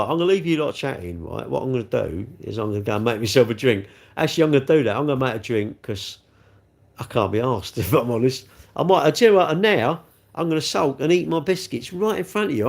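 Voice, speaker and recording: A middle-aged Englishman with an English accent hosts a livestream, his mid-range voice carrying some vocal fry. He chats casually and rambles, teasing himself as he reads out comments.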